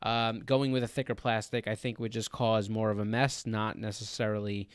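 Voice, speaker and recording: Guy hosting a laid back live stream, smooth voice, dry sound, lots of uh and um. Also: on the low side, normal speed, dry recording. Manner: relaxed, filler-heavy explaining with laughter.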